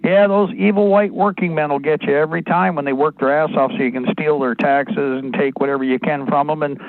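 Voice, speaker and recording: A man's voice: fairly high pitch, fairly even intonation, brisk, no room sound. A man hosting a talk radio show, speaking in a rambling, digressive monologue full of asides. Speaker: radio host. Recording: narrow phone-like band, dry.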